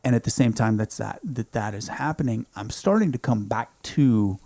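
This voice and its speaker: A man in his thirties, a podcast guest in a home studio, telling a story in an intense, emphatic way, often saying "dude" and swinging between hushed and loud. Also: mid-range voice, animated, moderate pace, no echo. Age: 30s. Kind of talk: casual storytelling.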